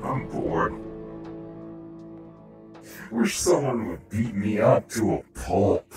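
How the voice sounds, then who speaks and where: A man roleplaying in a game voice chat, jumpy and prone to startled shouts. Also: fairly low pitch, big pitch swings, slow pace, reverberant, recorded from a distance, soft background music.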